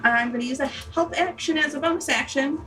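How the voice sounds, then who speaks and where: A woman's voice: high-pitched, a little fast, pushed and bright, distant mic, faint music behind. Woman player in a tabletop game. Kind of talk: casual tabletop game talk.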